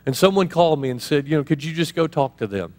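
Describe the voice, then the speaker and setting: Male pastor, animated and chatty, preaching in a reverberant church hall. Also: on the high side, fast. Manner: animated, conversational preaching with laughs and asides. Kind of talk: sermon.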